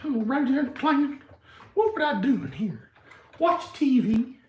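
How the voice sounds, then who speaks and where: Un clown de rodéo criard et aigu. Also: male voice, very animated, a little slow, roomy sound, full character voice. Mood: rowdy. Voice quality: high-pitched squeaky clown voice. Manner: yelling, cackling, brash. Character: rowdy foul-mouthed male rodeo clown.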